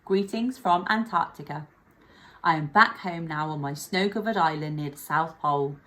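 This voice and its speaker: A woman voicing a cheerful penguin who writes a friendly letter home from the ice, reading it slightly lower and slower. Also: sharp tone.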